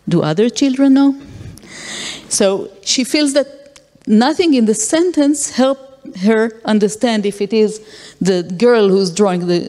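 A woman lectures in a mellow, dark-toned voice, working through examples and stopping on fillers. Her voice carries a long reverb, as in a large lecture hall. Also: medium pitch. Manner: explains with acted-out examples and frequent fillers. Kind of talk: academic lecture.

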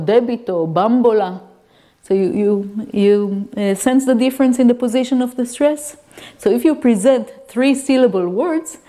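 Mellow-voiced woman giving a lecture. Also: medium pitch. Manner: explanatory, checks in with listeners. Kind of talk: academic lecture.

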